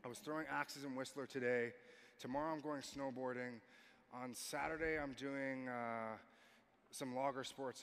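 A man in his thirties from Canada giving an energetic keynote talk on stage, coaxing the audience and building to shouts. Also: mid-range voice. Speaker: motivational speaker. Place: large arena stage. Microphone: stage microphone. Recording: long arena reverb, faint noise.

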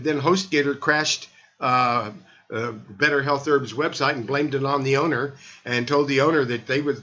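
A man's voice: medium pitch, pushed and bright, muffled recording. An older man hosting a health talk show, chatting casually and rambling with many restarts and fillers.

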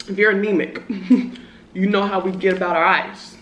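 An early-20s woman from Southern California chats casually in a mukbang vlog, using slang and talking as she eats. Her mid-range voice holds a steady tone at normal speed, and the room gives a roomy echo.

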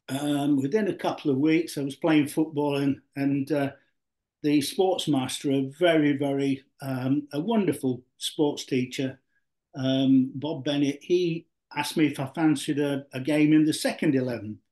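Older Yorkshire man, slightly high voice, a rambling interview guest with lots of fillers and restarts. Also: a little slow, darkish tone. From Yorkshire, England. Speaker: guest, former footballer. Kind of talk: relaxed storytelling interview.

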